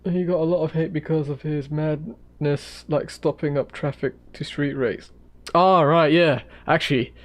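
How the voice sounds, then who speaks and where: With a slightly high voice, steady in tone and a little slow, a man rambles casually while drawing on stream. He's laid-back and tends to trail off into muttering as he sketches.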